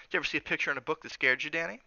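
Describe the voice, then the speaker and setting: A man's voice: a little high, racing, gravelly, sharp tone, dry recording, highs cut off, pitched above the performer's own voice, full character voice. A man reading the part of a kindly older male hotel cook, with a folksy, reassuring drawl.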